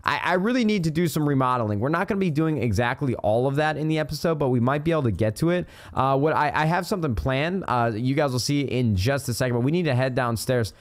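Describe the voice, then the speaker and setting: A young man hosting a casual let's-play, chatty and excitable, swearing now and then, talking into a studio mic on a boom arm at his home gaming setup. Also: a little fast, hardly any pauses. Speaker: gaming YouTuber host.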